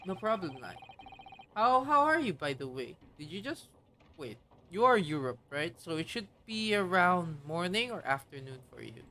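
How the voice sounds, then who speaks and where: A woman streaming live, chatting casually and bubbly, greeting her chat with excitement. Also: on the low side, moderate pace.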